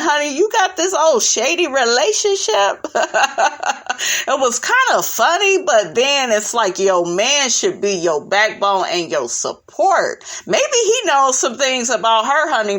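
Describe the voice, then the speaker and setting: Sassy gossiping woman, lively pitch. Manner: sassy, gossipy, calls listeners honey and child. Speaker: recap host. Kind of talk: casual reality TV recap.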